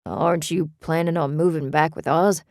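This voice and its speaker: A woman voicing a reluctant, kindly middle-aged male shop owner in an audiobook, quiet and apologetic. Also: sits low, fairly even intonation, moderate pace, dry recording, studio quality. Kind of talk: audiobook character reading.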